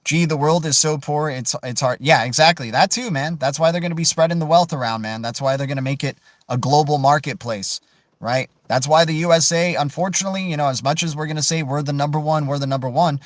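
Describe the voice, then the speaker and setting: Animated man chatting on a crypto livestream. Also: on the high side, fairly quick, no echo. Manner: animated, peppers speech with "right?", "dude" and "man"; emphatic, swears mildly for emphasis. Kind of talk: casual livestream chat answering viewer questions.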